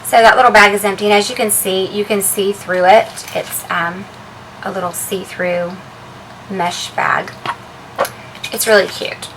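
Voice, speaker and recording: A woman vlogger chatting casually as she shows the contents of her handbag, relaxed and full of ums and uhs. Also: medium pitch, measured pace, background noise. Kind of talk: casual show-and-tell vlog.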